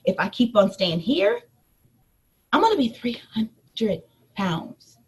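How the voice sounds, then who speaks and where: A woman in her thirties, a life coach, telling a personal story in a lively motivational talk to her audience. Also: on the high side, takes it slowly, slightly rough. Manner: animated storytelling, addresses listeners as y'all.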